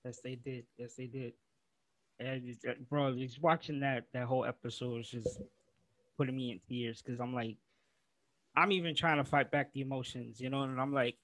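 A man's voice: mid-range voice, fairly even intonation, moderate pace, a bit bright, dry recording. A man co-hosting a casual wrestling podcast, rambling and calling his friend "bro" as he retells his reactions. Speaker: podcast co-host.

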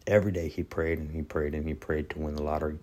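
A man's voice: extremely low pitch, level tone, quick pace, darkish tone. A man giving an earnest sermon and leading a prayer, repeating phrases for emphasis. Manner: earnest, preaching with repetition. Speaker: preacher.

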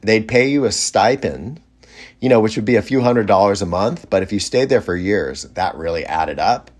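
A man telling a rambling story in a casual way, with many fillers and lively quoted voices. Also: fairly low pitch, normal speed.

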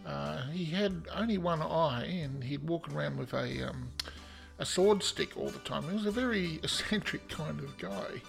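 Australian male history podcaster, gravelly, slightly high voice, chatty, faint music underneath. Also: normal speed. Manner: chatty and self-deprecating, with asides and fillers. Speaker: podcast host.

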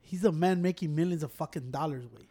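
A man, co-hosting a casual, profane debate, blunt and quick to cut in while mixing in Spanish. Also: on the high side, mellow, slightly rough. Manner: blunt, code-switches, cuts in. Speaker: podcast co-host.

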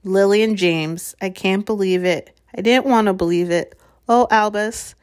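A woman's voice: medium pitch, unhurried, a little mellow, close to an everyday voice. A woman reading aloud, voicing an older stern female witch professor who speaks in a trembling, anxious, pleading way. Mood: distressed.

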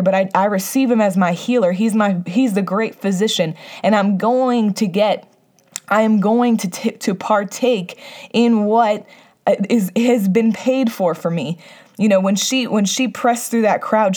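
A woman's voice: medium pitch, a little mellow. A middle-aged woman preaching a sermon, earnest and conversational, often restarting her sentences. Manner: earnest, restarts often, acts out Bible voices.

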